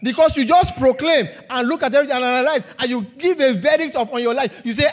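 High-voiced emphatic preacher. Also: male voice, quick pace, hardly any pauses. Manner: emphatic, rhetorical questions, repeats phrases for effect. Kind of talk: sermon.

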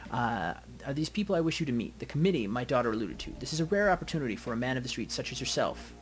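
A man voicing a wealthy elf father in a video game, measured and commanding. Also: mid-range voice, big pitch swings, faint music behind, lightly acted. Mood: formal.

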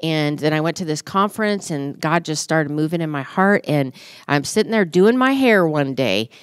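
A woman's voice: low voice, lively intonation, normal speed, clean tone, no echo, studio quality. A woman guest on a podcast, telling her story in a casual chat and acting out her own inner dialogue with animation. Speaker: podcast guest, church staff member.

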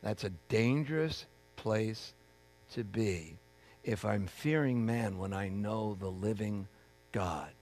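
A man's voice: fairly low pitch, slow pace, a little mellow. A man preaching a sermon as pastor, in a conversational way, acting out the voices of people he quotes.

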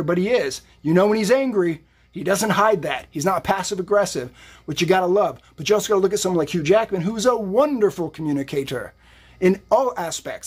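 Husky higher-voiced man, upbeat motivational streamer, rambling tarot talk between lifts. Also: darkish tone. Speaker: psychic and fitness streamer. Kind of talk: casual live-stream talk.

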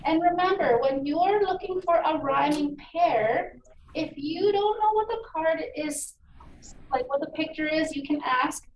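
High-voiced woman teaching a slow phonics lesson. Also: lo-fi sound. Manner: encouraging, slow and clearly enunciated. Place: meeting room. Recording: echoey room, distant mic, faint noise.

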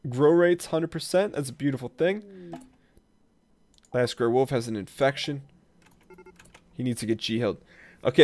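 A man doing let's play commentary on a colony game, talking to his colonists and jumping between rattled bursts and low mutters, with keyboard clicks behind. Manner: jumpy, talks to his colonists, spikes loud when tense.

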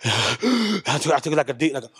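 A man's voice: on the high side, very animated, moderate pace, a bit bright, husky. A man telling his congregation about a personal spiritual experience in an earnest, conversational way, often repeating himself and tossing in "man". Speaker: church member giving testimony. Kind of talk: emotional spoken testimony to a congregation. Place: church service.

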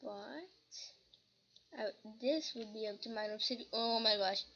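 A woman's voice: fairly high pitch, a little slow, a little hiss or hum. A woman giving casual gameplay commentary, humming little sing-song tunes as she plays. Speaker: gamer. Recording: lo-fi with loud keyboard typing.

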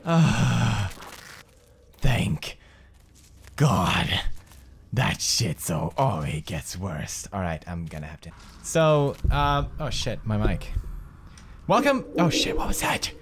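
A man's voice: fairly low pitch, sing-song, slow pace, vocal fry, long pauses, a little hiss or hum. Jokey man swearing over a horror game. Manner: jokey, swears a lot, swings from mutters to frightened yelps. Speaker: gaming commentator. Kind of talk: let's play commentary.

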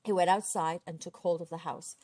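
A woman reading a children's storybook aloud, expressive and steady. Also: lowish voice, brisk, breathy edge, no room sound. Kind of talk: children's book read aloud.

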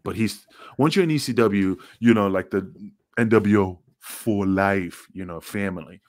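A man's voice: on the low side, a little slow, a little mellow, dry recording, studio quality. A middle-aged man, a former wrestler, telling rambling, profane stories in a casual interview. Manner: rambling, profane, acts out quotes.

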